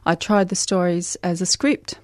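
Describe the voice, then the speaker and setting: A woman speaks in a measured, unhurried way, pausing often with soft fillers as she thinks. Her voice sits a little low for a woman. The studio sound is close and dry. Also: no echo. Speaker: author guest. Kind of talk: radio interview, reading aloud.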